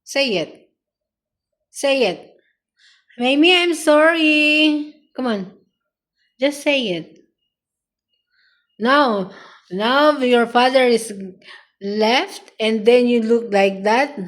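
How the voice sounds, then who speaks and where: A young woman with a Filipino accent talks to her pet in a high, bright-pitched voice. She scolds it slowly and unhurriedly, mock-stern and teasing, with repeated sing-song questions. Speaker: vlogger.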